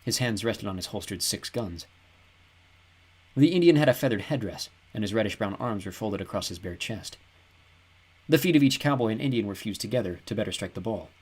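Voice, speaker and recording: A male audiobook narrator reads the story in an even, descriptive way. His voice sits low and has a husky edge. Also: brisk. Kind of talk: scripted narration.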